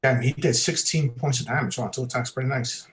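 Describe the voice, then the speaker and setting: A man's voice: mid-range voice, fairly quick. A man playing in a tabletop game, joking around in casual chat. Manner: joking, laughing, lively. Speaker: player.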